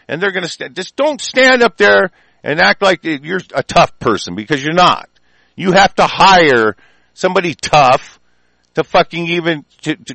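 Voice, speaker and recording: A man's voice: high voice, gravelly, pushed and bright, no echo. A man from the United States delivering an angry political rant, profane and combative throughout.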